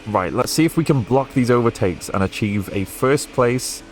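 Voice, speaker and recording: A man with a softened Welsh accent, chatting casually and rambling while he streams a racing game. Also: mid-range voice, expressive, normal speed, faint music behind. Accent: Welsh, Newport area, softened toward English. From Wales. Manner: rambling and chatty, with frequent fillers and restarts.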